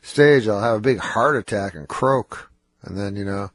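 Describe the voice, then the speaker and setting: A man guesting on a radio show, talking in a nasal, low, slightly slurred voice, dry and hesitant, tired and stuffed up from cold medicine. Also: moderate pace, no room sound. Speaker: comedian guest. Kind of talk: casual radio interview. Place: radio studio.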